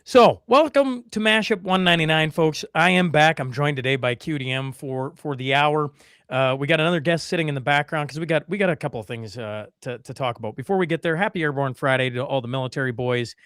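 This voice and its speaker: A man hosts a podcast and spins a casual, rambling story, stopping for fillers and restarting his sentences. His voice sits a touch high for a man. The recording is close and dry, with no room sound. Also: fast talker, fairly bright tone, smooth, dry recording. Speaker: podcast host.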